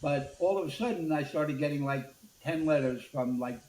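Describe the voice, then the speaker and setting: A man's voice: a little high, moderate pace. An older man, a media executive telling anecdotes in an interview and acting out the dialogue. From Brooklyn, USA. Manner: animated storyteller acting out dialogue. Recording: roomy echo with faint background noise.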